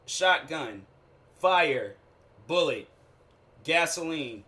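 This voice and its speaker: A man hosting his own show, telling a rambling, animated comic story in slangy, casual talk with frequent restarts. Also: mid-range voice, slow pace. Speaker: show host. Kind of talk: casual comedic monologue.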